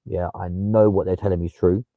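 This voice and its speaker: A man's voice: low voice, little pitch movement, a little fast, gravelly, no room sound, phone-quality sound. A young man with a London accent chatting casually on a livestream, swearing freely and replying to viewers. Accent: London English. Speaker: livestream host.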